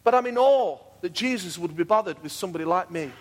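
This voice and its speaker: A high-pitched man preaching in a church, earnest and repetitive, his phrases swelling into fervent declarations. His voice rings with a long reverb off the hall walls, and he often doubles back on a word before pressing on. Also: expressive, quick pace. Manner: earnest, repeats himself, builds to fervent declarations. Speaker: pastor. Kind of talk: sermon.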